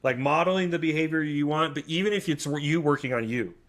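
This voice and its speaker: A man's voice: fairly high pitch, brisk, a bit bright. A man in his thirties, a podcast co-host, chatting casually and rambling through stories with acted-out quotes. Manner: rambling storyteller, acts out quoted voices. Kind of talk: casual chat.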